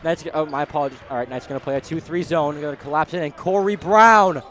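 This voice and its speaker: A young man calling a high school basketball game play-by-play, partisan and excitable, shouting on big plays. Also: fast, slight background noise. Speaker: play-by-play commentator. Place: school gymnasium.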